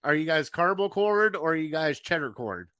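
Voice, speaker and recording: A man with a somewhat high voice hosts a relaxed chat, upbeat and quick to exclaim as he tosses out questions. The recording is dry and close, with no room sound. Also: dry recording. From United States. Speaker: podcast host. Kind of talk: casual chat.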